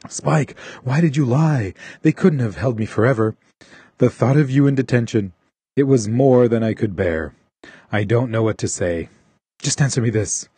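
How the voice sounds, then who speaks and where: A man's voice: medium pitch, moderate pace, warm tone, husky, no room sound. A man voicing a roguish, dramatic teenage boy from a listener's letter. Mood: earnest.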